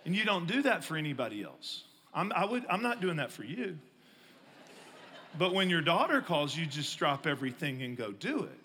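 A middle-aged pastor preaches, telling stories and joking, swinging between loud bursts and hushed asides. His voice sits high and sounds bright and forceful. A long echo of a large hall trails behind him. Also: big pitch swings, moderate pace, a little hiss or hum. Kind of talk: sermon.

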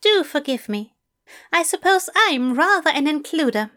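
A woman's voice: high-pitched, big pitch swings, normal speed, bright, forceful tone, pitched above the performer's own voice, heavily acted. A woman voicing a fussy, courteous male English teacher who talks in a formal, effusive way. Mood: eager.

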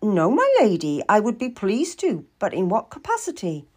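A woman's voice: medium pitch, huge pitch swings, moderate pace, darkish tone, slightly rough. A woman voicing an eager, grateful young maidservant with a breathless, earnest manner. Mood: polite.

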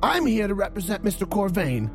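Man putting on a squeaky, blustering dwarf attorney; frantic, insistent, swooping wildly in pitch, unhurried delivery; tabletop game. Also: very animated, gravelly, over music, full character voice. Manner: blustering, insistent, repeats himself. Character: frantic, indignant male dwarf defense attorney.

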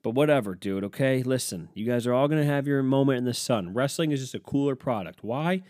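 A man's voice: medium pitch, brisk, darkish tone, dry recording, clean studio sound. A man, hosting a solo podcast and ranting sarcastically, swearing often as he reacts to headlines. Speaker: podcast host. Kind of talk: profane solo podcast rant.

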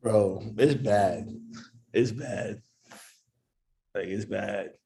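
A man's voice: fairly low pitch, very slow, vocal fry, warm tone. A man in laid-back, profane casual chat, laughing often and drawing words out.

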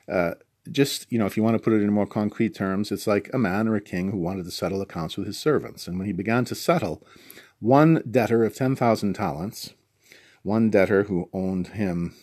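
A man's voice: fairly low pitch, darkish tone, no echo, clean studio sound. A man teaching a Bible passage in a conversational, rambling way, explaining it in his own words with many restarts and asides. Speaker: preacher.

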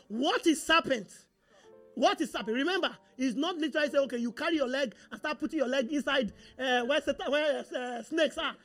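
Pastor, high voice, animated repetitive sermon, call-and-response, faint background music.

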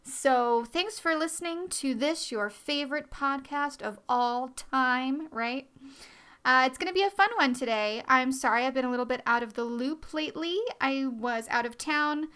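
A young woman talks through a casual podcast monologue in a chatty, rambling way, poking fun at herself as she goes. Her voice is bright and sits a little high. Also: normal speed, clear, resonant tone. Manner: chatty, rambling, self-deprecating. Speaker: podcast host.

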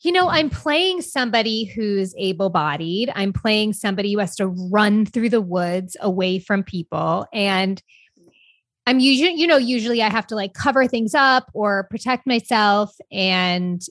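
A young adult woman co-hosting a podcast, talking in a candid, rambling, expressive way. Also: medium pitch, moderate pace, no room sound, clean studio sound. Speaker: podcast co-host. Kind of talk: casual chat.

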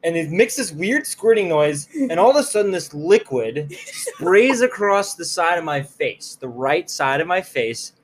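A man telling a story in casual chat, animated and laughing as he acts out the scenes. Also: fairly high pitch, a little slow, slight background noise.

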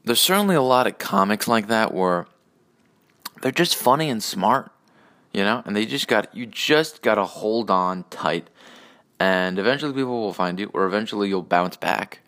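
A man with a lowish voice rants alone on his podcast. He swears freely, trails off, restarts, and drifts from one aside to the next with a sarcastic edge. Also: expressive, moderate pace, fairly bright tone. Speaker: podcast host. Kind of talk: solo ranting monologue.

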